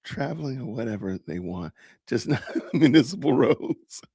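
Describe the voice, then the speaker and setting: A middle-aged podcast host runs a live stream, reacting to body cam videos with animated chatter and frequent laughter. His medium-pitched voice is expressive, gravelly, husky and dark, at normal speed, recorded studio quality with no echo.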